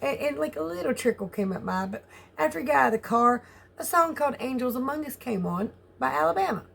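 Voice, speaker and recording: A woman's voice: high-pitched, expressive, fast talker, vocal fry, fairly bright tone. A woman with a Southern US accent in a chatty, candid vlog, laughing often and swearing casually as she rambles. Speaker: vlogger.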